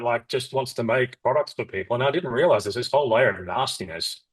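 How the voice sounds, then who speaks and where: Fast-talking husky man. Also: medium pitch, low-quality recording. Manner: rapid, rambling, animated, acts out quoted dialogue. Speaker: company founder, guest. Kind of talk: candid interview storytelling.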